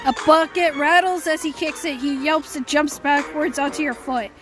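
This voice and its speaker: Woman streamer, high voice, casual game narration, music playing behind. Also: steady tone, moderate pace, hardly any pauses, low-quality recording. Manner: casual, amused asides. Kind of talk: reading a visual novel aloud live.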